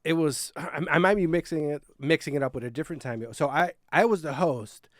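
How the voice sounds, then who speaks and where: A man's voice: on the high side, brisk, no room sound, studio quality. A man hosting a casual podcast, throwing in crude jokey asides and telling his own stand-up stories. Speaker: podcast host.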